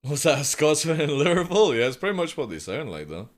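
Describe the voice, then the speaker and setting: A man's voice: fairly high pitch, sing-song, fast talker. A young man chatting casually with his stream viewers, rambling and swearing freely as he reads chat aloud. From United Kingdom. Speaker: live streamer.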